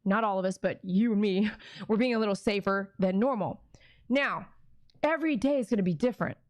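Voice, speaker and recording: A woman's voice: mid-range voice, a little fast, dry recording. A woman who runs a dog grooming business, talking casually and emotionally to her viewers on camera. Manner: chatty, emotional, addresses viewers directly. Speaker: dog groomer and channel host. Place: grooming salon.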